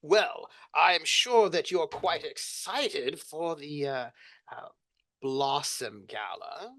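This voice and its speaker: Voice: mid-range voice, lively intonation, fairly bright tone. A player doing a nosy, snobbish aristocrat. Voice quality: prying, fussy, halting. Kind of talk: tabletop role-play in character.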